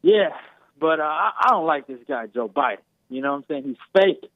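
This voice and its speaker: A man's voice: on the high side, animated, brisk, dry recording. A man calling in to a show, talking bluntly and often saying "you know what I'm saying.". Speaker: caller. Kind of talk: casual phone-in chat. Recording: tinny phone line.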